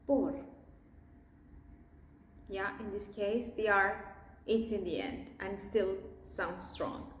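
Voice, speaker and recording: A woman teaching pronunciation, modelling words one at a time and deliberately exaggerating sounds so learners can repeat them. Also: mid-range voice, reverberant, slight background noise. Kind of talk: pronunciation lesson, listen and repeat.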